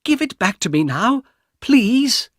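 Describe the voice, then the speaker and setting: A frightened young sister pleads in a high, strained voice, put on by a male audiobook reader. The delivery is slow and rises and falls widely. The room is dry and close. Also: very animated, no room sound, heavily acted. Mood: pleading. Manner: raised pleading voice. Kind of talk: audiobook reading.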